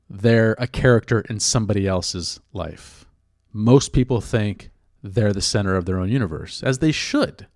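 A man hosting a podcast, talking through his thoughts in a reflective, measured way and often rephrasing himself. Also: lowish voice, a little mellow, no room sound, clean studio sound. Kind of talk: casual spoken commentary.

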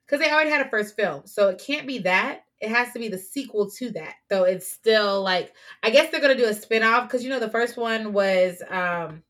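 A woman's voice: on the high side, normal speed, few pauses, a bit bright. A woman co-hosting a podcast, chatting casually and playfully about anime, laughing often. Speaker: podcast co-host.

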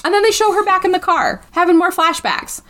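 A woman co-hosting a casual movie podcast, recapping the plot in an animated way and swearing often. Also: very high-pitched, brisk. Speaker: podcast co-host reviewing a movie. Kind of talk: casual chat.

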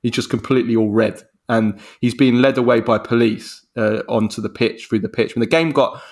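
A man, co-hosting a casual football podcast, telling stories in a rambling, animated way with many restarts. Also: mid-range voice, a little fast. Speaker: podcast co-host.

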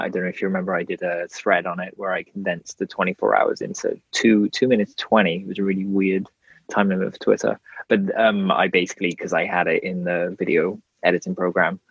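A man's voice: deep voice, gravelly, husky, no echo, dull audio. A man co-hosting a podcast in casual chat, laid-back with wry asides. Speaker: podcast co-host.

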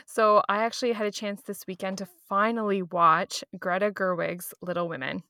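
A woman's voice: medium pitch, steady tone, normal speed, pushed and bright, no room sound, clean studio sound. Affirming woman podcast co-host. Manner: friendly, affirming listener. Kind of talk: casual chat.

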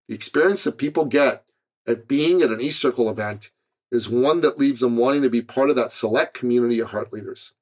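Earnest man giving a motivational monologue. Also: mid-range voice. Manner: earnest and emphatic, with a preacher-like build. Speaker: podcast host.

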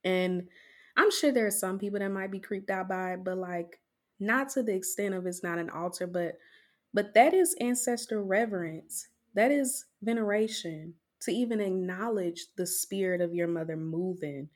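A woman's voice: medium pitch, normal speed. A woman hosting a casual podcast discussion, speaking in a conversational, reflective way with frequent restarts. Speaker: podcast host.

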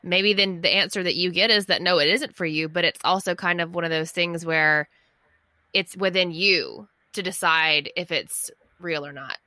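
A woman hosting a podcast, asking relaxed questions and murmuring agreement as her guest talks. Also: fairly low pitch, normal speed, no room sound, clean studio sound. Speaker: podcast host. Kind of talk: casual interview chat.

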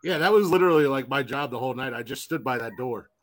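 A man's voice: mid-range voice, fast, dry recording, poor audio. A man co-hosting a casual podcast, speaking in an easy middle register. He rambles through a story with plenty of fillers and restarts, and acts out the lines of the people in it. The recording is close and dry. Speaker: podcast co-host.

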